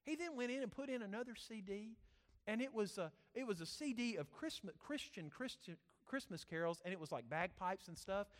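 A man's voice: sits high, animated, a little fast. A man, preaching a sermon and telling rambling family stories with many restarts. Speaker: pastor. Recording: long reverb of a church hall.

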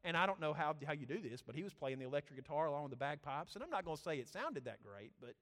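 A man's voice: on the high side, sing-song, quick pace, fairly bright tone. A man, preaching a sermon and telling rambling family stories with many restarts. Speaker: pastor. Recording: long reverb of a church hall.

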